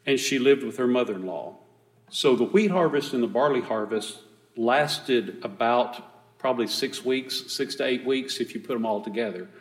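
A medium-pitched man leads a Bible study, reading scripture aloud and explaining it in a relaxed, conversational manner while correcting himself along the way. The recording has a big-room sound.

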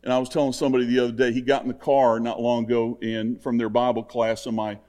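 An older man delivers a sermon in an earnest, conversational way, circling back to the same simple points again and again. His voice sits at an ordinary pitch for a man, neither high nor low. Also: flat delivery, fast, darkish tone. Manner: earnest, conversational, repetitive exhortation. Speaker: preacher.

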